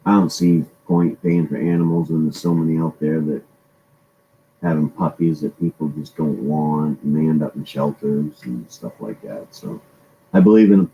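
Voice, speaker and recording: A man's voice: extremely low pitch, moderate pace, lo-fi sound, a little hiss or hum. A man hosting a casual live-stream chat, rambling along and greeting his viewers by name.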